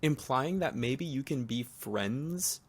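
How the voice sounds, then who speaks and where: A man's voice: mid-range voice, animated, slow. A man co-hosting a casual podcast, thinking aloud as he restates points and builds an argument. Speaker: podcast co-host.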